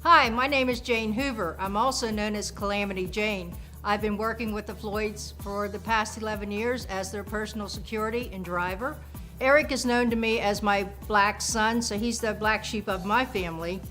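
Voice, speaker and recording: An older woman talks about her security and driving work in a chatty, folksy promo interview. Her voice sits at a mid pitch, and soft music plays faintly behind her. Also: moderate pace. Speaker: personal security and driver.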